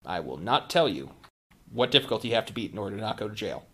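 A man with a Midwestern accent, narrating and running a tabletop role-playing game in a relaxed, wry way. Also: on the low side, fast talker, husky. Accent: Midwestern American. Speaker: game master.

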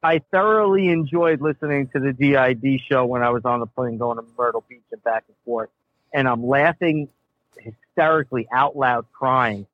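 A man's voice: medium pitch, normal speed, dry recording, highs cut off. A man co-hosting a casual podcast, blunt and profane as he rants. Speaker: podcast co-host. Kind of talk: casual banter.

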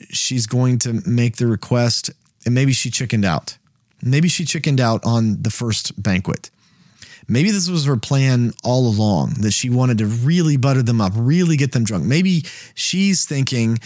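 Man, Bible study host, mid-pitched, conversational and wondering-aloud delivery, dry booth sound. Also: darkish tone, dry recording. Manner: conversational, thinks aloud with repeated words. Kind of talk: casual Bible teaching.

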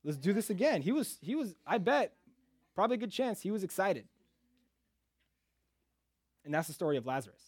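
A man's voice: sits high, very animated, moderate pace, long pauses, husky, dry recording. Chatty man giving a casual sermon. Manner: chatty, joking, conversational. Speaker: preacher.

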